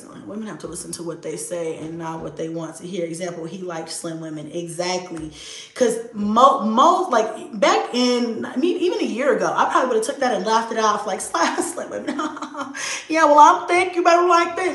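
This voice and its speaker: A young adult woman chatting casually to her viewers, lively, swearing freely and acting out her kids' voices. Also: mid-range voice, moderate pace. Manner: animated, acts out voices of her kids. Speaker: video host. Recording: echoey room.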